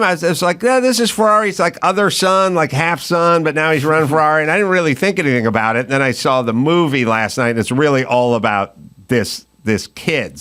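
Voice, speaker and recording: A man's voice: mid-range voice, fairly bright tone. Man hosting a casual podcast chat. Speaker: podcast host.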